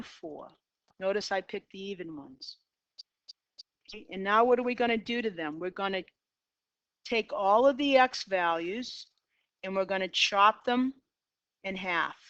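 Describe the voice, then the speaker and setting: A woman's voice: medium pitch, a bit bright, smooth, no room sound. A middle-aged woman with a Boston accent teaching a math class, talking herself through graph sketches in an upbeat way. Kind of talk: classroom lecture. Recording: dull lo-fi, dry.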